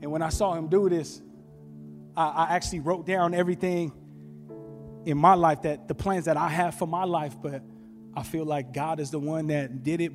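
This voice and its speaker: A man preaching a sermon, telling stories in an animated way with bursts of shouting. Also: on the high side. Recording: long reverb with faint music.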